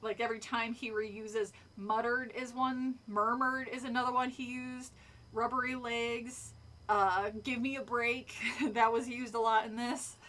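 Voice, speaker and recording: A woman's voice: fairly high pitch, level tone, measured pace, fairly bright tone. A woman streamer reading a horror book aloud, stopping to chat, swear and laugh. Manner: chatty, swears, laughs often. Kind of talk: casual read-aloud with commentary. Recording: voice distant from the mic.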